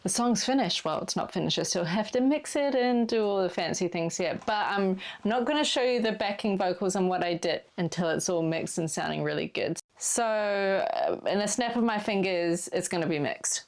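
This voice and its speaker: New Zealand woman, songwriter vlogger, casual and chatty, middle pitch. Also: lively intonation, moderate pace. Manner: chatty, peppered with "like". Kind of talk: casual vlog chat.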